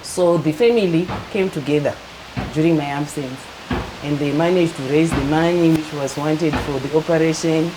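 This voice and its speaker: A middle-aged woman calmly telling her personal story as an interview guest. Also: sits low, normal speed, noisy background. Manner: calm, matter-of-fact, acts out quoted dialogue.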